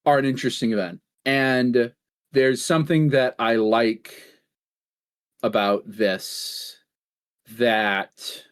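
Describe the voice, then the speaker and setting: A man co-hosting a gaming podcast in casual chat, rambling through stories, laughing often and swearing offhandedly. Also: medium pitch. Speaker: podcast co-host.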